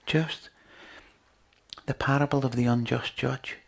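A man delivers a sermon in a gravelly, slightly husky voice. He preaches in a chatty, earnest way and keeps turning to his listeners with rhetorical questions. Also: mid-range voice, steady tone, measured pace.

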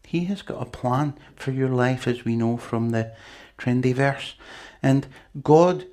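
A man's voice: mid-range voice, measured pace, darkish tone. A man preaching a sermon in a chatty, conversational way, with asides to the congregation.

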